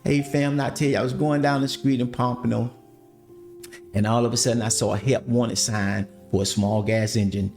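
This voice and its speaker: Man, podcast testimony, lively storyteller, faint music bed. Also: medium pitch, fairly quick. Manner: animated, addresses listeners as family. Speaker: podcast host telling his story.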